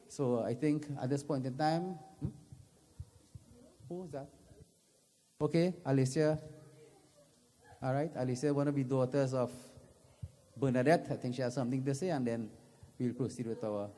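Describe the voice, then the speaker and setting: A man's voice: mid-range voice, dark tone. A man making informal, rambling announcements at a religious gathering in a temple. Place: temple hall. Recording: reverberant temple hall.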